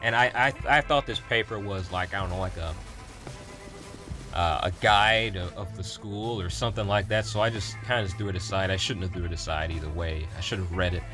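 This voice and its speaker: A man's voice: low-pitched, brisk, music in the background. A young adult man, a gaming YouTuber, telling a rambling story in a casual vlog with fillers and laughs.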